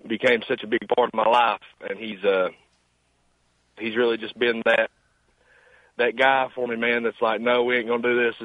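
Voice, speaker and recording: A man's voice: medium pitch, dry recording. Young man, 19, Appalachian Southern accent, humble and hesitant on a dry phone line. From Eastern Kentucky mountains. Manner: humble, halting, says "man" often. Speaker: caller, singer guest. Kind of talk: casual phone interview.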